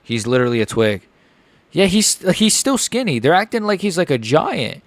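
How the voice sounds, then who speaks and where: Dude streaming a live fight reaction, chatty and hyped, super dry close mic sound. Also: male voice, on the high side, normal speed, no room sound. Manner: chatty, excitable, lots of "like" and "bro". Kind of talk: casual live reaction commentary.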